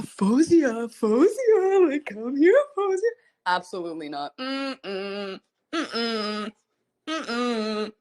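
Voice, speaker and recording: A young woman, a singer hosting a livestream, chatting casually and telling a story in an animated, rambling way, giggling often and repeating herself. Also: on the high side. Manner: frequent giggling. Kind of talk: casual chat.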